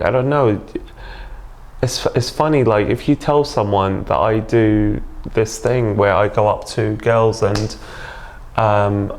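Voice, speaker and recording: A man, a dating coach talking earnestly in a casual interview. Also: fairly low pitch.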